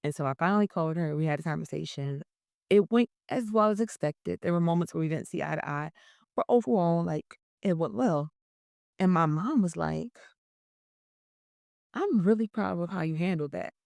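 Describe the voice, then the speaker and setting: A woman's voice: on the low side, lively intonation, normal speed, gravelly, darkish tone, no room sound. A young woman vlogging earnestly about her own feelings, sometimes close to tears. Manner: earnest, emotional, self-affirming. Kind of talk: personal reflective vlog.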